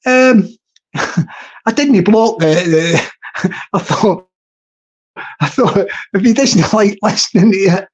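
A man's voice: sits high, unhurried. Rambling man hosting a casual live stream, repetitive, laughs at own jokes. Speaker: livestream host.

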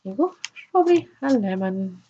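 A woman chatting casually as she unboxes a box of sweets, chirpy and quick to laugh. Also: mid-range voice, big pitch swings, mellow, lo-fi sound, slight background noise. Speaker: unboxing vlogger.

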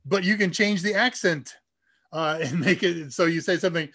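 A man's voice: high voice, normal speed, sharp tone. A man with a nasal voice from the US Midwest, hosting a casual live Q&A stream and chatting keenly about tech.

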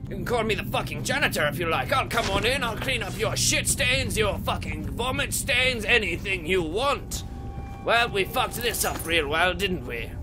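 A man giving rowdy, crude gameplay commentary, swearing and shouting at the game. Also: high voice, lively intonation, moderate pace, music in the background. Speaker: let's play gamer.

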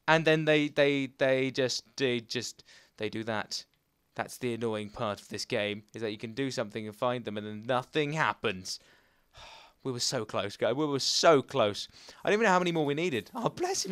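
Excitable man voicing gameplay. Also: medium pitch, clean tone, no room sound. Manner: chatty and excitable, coos to his pet. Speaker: gaming channel host. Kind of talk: casual gameplay commentary.

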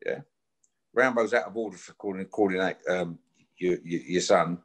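A man's voice: low voice, normal speed, slightly rough. Man, fifties, blunt, swearing, confrontational. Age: 50s. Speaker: guest. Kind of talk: casual chat.

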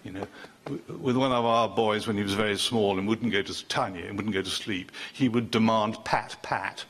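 An older man delivers a sermon in a bright, ringing voice. He talks loosely and conversationally, starting sentences over and joking with the people in front of him. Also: lowish voice, steady tone, moderate pace, slightly rough. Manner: chatty, self-interrupting, joking with the congregation. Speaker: preacher.

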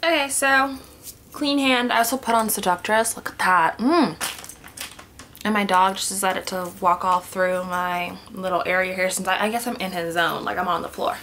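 This beauty vlogger speaks in a medium-pitched, a bit bright voice with fairly even intonation at a normal speed, over a little hiss or hum. Sitting on her floor at home, she talks to a camera in a casual product swatching vlog, chatty, thinking aloud, and often dropping to a murmur.

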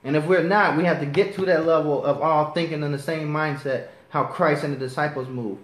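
Male preacher, slightly high voice, impassioned sermon delivery, echoey room. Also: fairly even intonation, fairly quick, a bit bright. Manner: impassioned, rising to righteous anger. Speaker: preacher teaching a class. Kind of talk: sermon with scripture reading.

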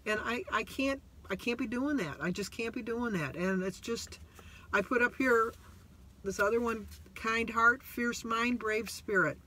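High-voiced middle-aged man rambling in a car. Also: unhurried, sharp tone, slight background noise. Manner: rambling, emotional and self-deprecating, with many restarts. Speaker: vlogger on a weight-loss journey. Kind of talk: casual vlog monologue. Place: parked car.

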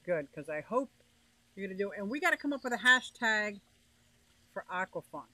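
A woman's voice: mid-range voice, very animated, normal speed, pushed and bright, dry recording, poor audio. A woman hosting a casual livestream, chatting and greeting viewers by name as she reads their comments. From northeastern United States. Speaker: livestream host reading chat.

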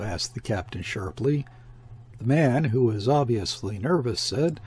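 A male narrator with a husky, slightly breathy voice in a mid range. He reads a classic sea story aloud in a measured, steady way. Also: mid-range voice. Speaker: audiobook reader. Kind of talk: scripted narration.

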